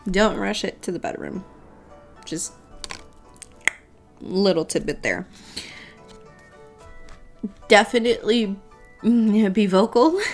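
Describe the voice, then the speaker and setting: A woman's voice: fairly low pitch, gravelly. A woman giving a casual tarot reading, playful and swearing freely, often breaking into laughter. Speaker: tarot reader.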